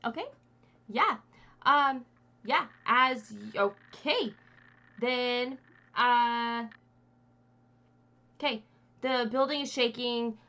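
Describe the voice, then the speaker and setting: Bright-voiced woman game master. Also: a little high. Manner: casual, halting, with fillers and restarts. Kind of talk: narrating a tabletop game.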